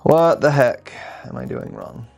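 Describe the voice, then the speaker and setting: A man's voice: medium pitch, a little slow, creaky, a little mellow, soft background music. A chatty young man hosting a building livestream. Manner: chatty, thinks aloud while building and reads viewer messages aloud. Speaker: livestream host building a LEGO set. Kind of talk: casual livestream chat.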